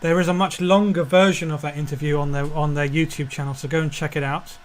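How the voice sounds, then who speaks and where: A man's voice: fairly high pitch, little pitch movement, fast talker. Upbeat male podcast host. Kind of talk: casual chat.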